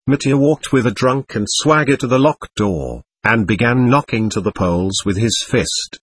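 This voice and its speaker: A man narrating a classic novel in a measured, expressive audiobook reading. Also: mid-range voice, slightly rough, no echo.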